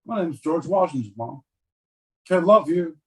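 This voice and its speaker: A man's voice: fairly high pitch, expressive, normal speed, breathy edge, pitched above the performer's own voice. A man putting on a British accent to voice an eager ten-year-old boy. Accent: put-on British.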